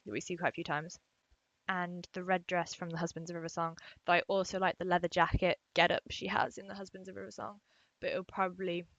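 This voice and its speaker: A woman's voice: on the low side, a bit bright, no echo, muffled recording. A young woman answering fan questions in a casual vlog, rambling and self-deprecating, recorded at home. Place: home room at her desk.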